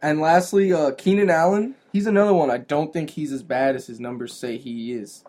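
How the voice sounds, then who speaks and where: A man's voice: on the high side, fairly even intonation, moderate pace, darkish tone. A man co-hosting a fantasy football podcast, casually making his case with stats. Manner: earnest, stat-citing, argumentative. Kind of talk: casual sports chat.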